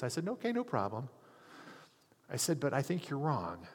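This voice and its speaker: A man's voice: medium pitch, huge pitch swings, normal speed, husky. A hospital chaplain telling a story in a sermon, earnestly acting out the people he quotes. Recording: long hall reverb.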